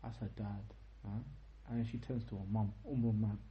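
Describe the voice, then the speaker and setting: A young man giving an informal religious lecture, telling a story with lively asides and checking questions to his listeners. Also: on the low side, normal speed, echoey room, highs cut off, a little hiss or hum. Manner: animated storytelling, tag questions, quotes in Arabic. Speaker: teacher of a history lesson.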